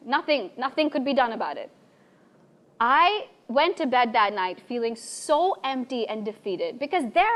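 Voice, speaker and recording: Lively young woman telling a stage story. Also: sits high. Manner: lively, animated, acts out quoted voices. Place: bar stage before an audience.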